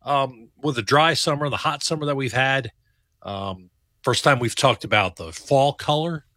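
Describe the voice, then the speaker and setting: A man's voice: mid-range voice, moderate pace, sharp tone, no room sound, studio quality. A man giving a casual, conversational weather forecast with plenty of fillers. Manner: loose, conversational, many fillers. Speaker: meteorologist.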